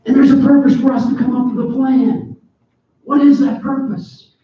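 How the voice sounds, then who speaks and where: A man in his forties preaches in an animated, joking way, breaking into sudden loud bursts. His voice sits very high. He sounds far from the mic, dull and thin, in a church hall with heavy echo. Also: normal speed, slight background noise. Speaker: pastor. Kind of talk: sermon. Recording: echoey, distant, dull church PA recording.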